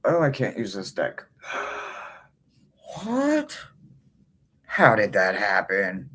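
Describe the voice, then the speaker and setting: Slow-talking expressive man, tarot livestream host. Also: breathy edge. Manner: expressive, with sudden high-pitched exclamations. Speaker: tarot reader hosting a livestream. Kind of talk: casual livestream chat with viewers.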